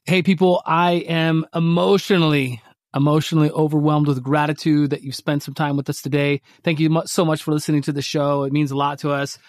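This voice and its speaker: A man co-hosting a podcast, telling a story in casual chat and acting out his own quotes with lively energy. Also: fairly high pitch, fairly quick, no echo, studio quality. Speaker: podcast co-host.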